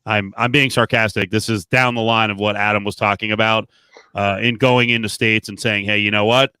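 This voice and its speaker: Bright, crisp-voiced podcast host man. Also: lowish voice, little pitch movement, moderate pace, no echo. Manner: casual, reads viewer questions and headlines. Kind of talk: podcast hosting.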